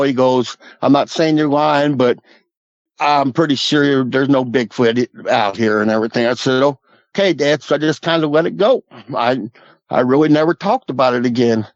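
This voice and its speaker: A man's voice: medium pitch, normal speed, dry recording, dull audio. A man, earnestly recounting a personal encounter as a guest in a folksy, repetitive storytelling manner. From Southwest Missouri Ozarks. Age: 50s. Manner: earnest, folksy, repeats "I said" and "he goes".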